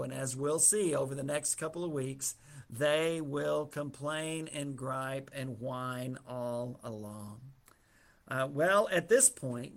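A man's voice: mid-range voice, fairly bright tone. Conversational man teaching a Bible lesson. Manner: storytelling, conversational, with asides.

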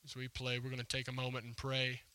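A man preaching to a congregation, retelling a story and voicing its lines with conversational emphasis. His voice is strikingly bright and forceful. The sound is close and dry, with little room echo. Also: medium pitch, monotone, fast, clear, resonant tone. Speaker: pastor. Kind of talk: sermon. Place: church hall before a congregation.

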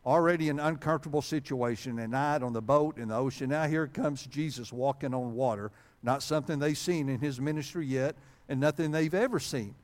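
A man's voice: mid-range voice, a little fast. A male pastor preaching a sermon with humor, in a conversational way, often reading old-style scripture wording aloud. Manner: conversational, frequent fillers and restarts.

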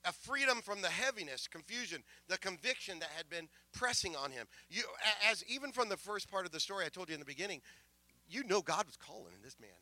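Emotional preacher man, bright and dry. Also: high voice, lively intonation, fairly quick, no room sound. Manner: emotional, rising from soft asides to loud proclamations; stammering restarts. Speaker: pastor. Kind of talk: sermon storytelling.

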